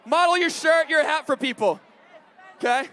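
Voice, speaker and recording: A man runs a camp game from the stage, calling out loudly and energetically to the crowd. His voice sits very high and bright from the shouting, with a faint crowd and music behind him. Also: moderate pace. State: straining voice. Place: large camp event hall.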